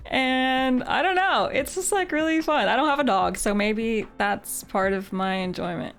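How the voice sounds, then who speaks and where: A woman's voice: fairly high pitch, unhurried, a bit bright, faint music behind. A woman streamer from Canada chatting casually with her live viewers. She talks in a chatty, giggly way and says "like" often. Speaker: game streamer.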